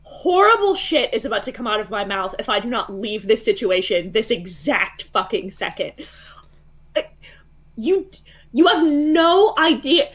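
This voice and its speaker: A woman's voice: medium pitch, lively intonation, moderate pace, fairly bright tone. A woman on a voice call telling a story in a casual, heated way, swearing a lot and laughing as she goes. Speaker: guest caller.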